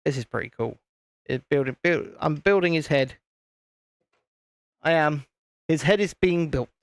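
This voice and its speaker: A man's voice: fairly high pitch, unhurried, smooth, no echo. A man hosting a live stream, chatting casually in a rambling, self-interrupting way while he builds a set. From United Kingdom.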